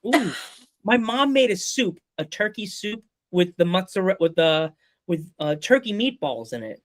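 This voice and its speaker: A man's voice: high voice, animated. A man hosting a podcast in casual chat, rambling and joking, laughing often and slipping into playful quoted voices. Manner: rambling, fast restarts. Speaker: podcast host.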